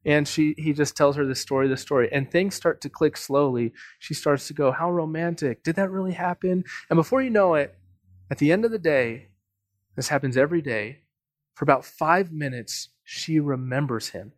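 A man preaching as pastor, telling a story earnestly and swinging from emphatic lines to hushed ones. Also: a little high, normal speed, no room sound, clean studio sound. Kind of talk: sermon. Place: church.

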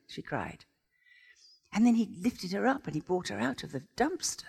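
A woman's voice: mid-range voice, big pitch swings, moderate pace, vocal fry, slightly rough. A woman preaching a sermon as a visiting speaker, telling stories with enthusiasm and exclamations. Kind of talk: sermon with storytelling. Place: church sanctuary. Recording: long church-hall reverb.

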